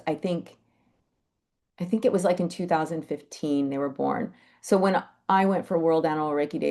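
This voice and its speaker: A woman telling animal stories in a chatty, animated way on a live video call. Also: low-pitched, gravelly. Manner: chatty, animated, with lively quoted asides. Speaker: animal Reiki practitioner sharing stories. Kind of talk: casual storytelling on a live call.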